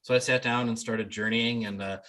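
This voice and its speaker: A man's voice: mid-range voice, fairly even intonation, moderate pace, a bit bright. A man, a shamanic healer, telling his story casually in an interview, rambling with many ums and restarts. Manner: acts out quoted people in a livelier voice.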